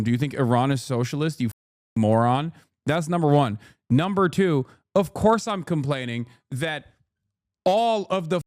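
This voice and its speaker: A man's voice: fairly high pitch, dry recording, clean studio sound. A man in his thirties streaming, reacting to a news clip with an angry, profane political rant. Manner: angry, profane, rising to shouting.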